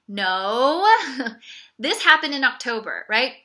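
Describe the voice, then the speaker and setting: Unhurried and fairly high-pitched, her voice sounds pushed and bright as she shares a personal story on her podcast. She's candid and sarcastic, ironically saying "it's okay" over and over, with plenty of "like" and "you know" in her conversational speech.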